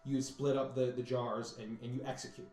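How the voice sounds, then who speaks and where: A man narrating a tabletop game as game master, halting and repeating words as he describes scenes. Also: mid-range voice, little pitch movement, a little mellow. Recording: echoey room.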